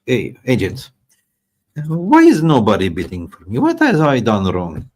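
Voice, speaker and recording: A man's voice: medium pitch, wildly swooping pitch, a little slow, darkish tone. A man impersonating a greedy young male footballer who speaks broken English, demanding big money. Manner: broken English, pleading and boastful.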